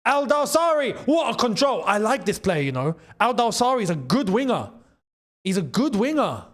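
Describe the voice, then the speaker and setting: A man hosting a live football watchalong, excitable and chatty, repeating his phrases and laughing often. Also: high voice, normal speed. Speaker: host.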